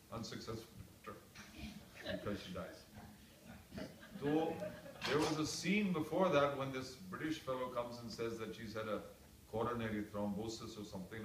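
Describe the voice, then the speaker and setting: A man with a bright, forceful voice tells stories with animated, self-mocking asides. He sounds like he is across an echoey room, a fair way off the mic, with faint noise behind. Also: lowish voice, distant mic. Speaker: actor telling stories to a reunion audience. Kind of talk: casual anecdotal storytelling.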